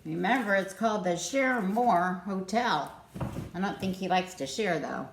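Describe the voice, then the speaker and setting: A woman reading a picture book aloud to children, gentle and playful, inviting them to join in. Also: medium pitch, unhurried, vocal fry, reverberant, slight background noise.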